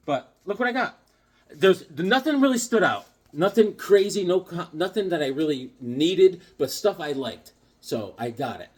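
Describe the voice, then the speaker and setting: A comic collector chatting on his channel with a bouncy, up-and-down delivery. He is jokey and theatrical and keeps slipping into silly bits between the stories. His voice sits a bit high for a man. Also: expressive, normal speed. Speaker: comic book collector and video host. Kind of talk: casual vlog chat.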